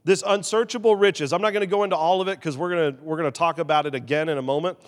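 A man preaching a sermon as pastor, animated, swinging between loud emphasis and quiet, confessional asides. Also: fairly high pitch, very fast, in a large hall.

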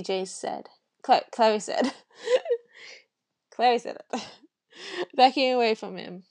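A woman's voice: medium pitch, takes it slowly, pauses often, a little mellow. A woman reading a novel chapter aloud in a casual way, sometimes stumbling and correcting herself. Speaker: reader.

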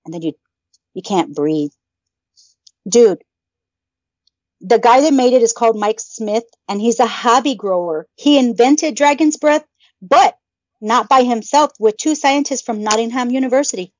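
A woman co-hosting a podcast who swears at every turn and rants in playful mock anger. Her voice sits a little high. The sound is dry and dull, with a lo-fi edge. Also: measured pace, pauses often, darkish tone, dry recording. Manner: swears constantly, mock-angry ranting. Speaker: podcast co-host. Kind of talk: profane casual podcast chat.

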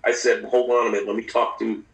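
A man recounting his own past in an interview, speaking candidly and haltingly, with frequent profanity and restarts. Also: on the low side, little pitch movement. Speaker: interview guest. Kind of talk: personal storytelling in a podcast interview. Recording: roomy, distant mic.

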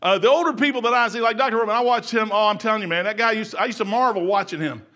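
Folksy older preacher, high bright voice. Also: male voice, racing. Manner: folksy, laughing, swings from shouting to hushed. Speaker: pastor. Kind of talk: sermon. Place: church sanctuary.

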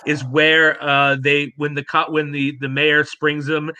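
A man's voice: on the high side, little pitch movement, a little slow, sharp tone, a little hiss or hum. A man co-hosting a podcast in casual chat, eagerly retelling favorite movie scenes. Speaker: podcast co-host.

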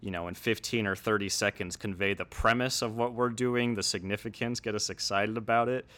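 A young man guesting on a podcast, chatting casually and explaining his thoughts at length in a relaxed, reflective way. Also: fairly low pitch, brisk. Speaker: podcast guest, video essayist. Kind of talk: casual conversation.

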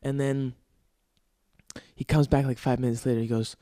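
A man's voice: medium pitch, level tone, moderate pace, pauses often, warm tone, dry recording, studio quality. A young man hosting his own podcast, telling stories in an exasperated, profane, ranting way with sighs and laughs between bits. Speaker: podcast host. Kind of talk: casual comedic monologue.

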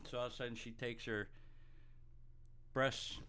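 A man's voice: medium pitch, little pitch movement, measured pace, sharp tone, clear, resonant tone. A middle-aged man telling stories and jokes in a casual, self-deprecating way, acting out voices. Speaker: podcast co-host telling life stories. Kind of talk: casual storytelling chat.

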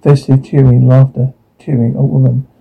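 A man's voice: mid-range voice, little pitch movement, normal speed, vocal fry, husky. A man giving audio description, calling out short, clipped sound cues for a drama. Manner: terse, clipped cue descriptions. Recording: tinny phone-like sound.

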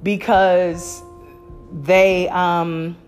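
A woman's voice: fairly low pitch, flat delivery, drawn-out words, darkish tone, faint music behind. A woman hosting a podcast in casual chat, candid and opinionated, with frequent fillers and restarts. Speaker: podcast host.

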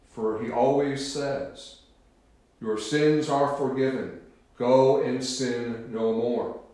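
Man, preacher, sermon, solemn, emphatic, very slow delivery, booming reverberant church. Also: darkish tone. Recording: very echoey room.

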